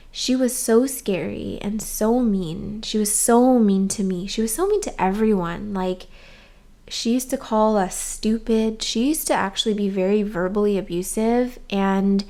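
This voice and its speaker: A woman's voice: medium pitch, mellow. Chatty young woman vlogging. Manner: candid and chatty, with many "um" and "like". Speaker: YouTuber. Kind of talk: casual chat to camera.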